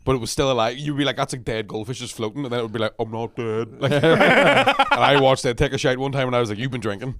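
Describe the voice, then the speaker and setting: A man's voice: medium pitch, expressive, fast talker, creaky, few pauses, a bit bright, no echo, studio quality. A young man co-hosting a podcast, telling crude stories through laughter in casual chat. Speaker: podcast co-host.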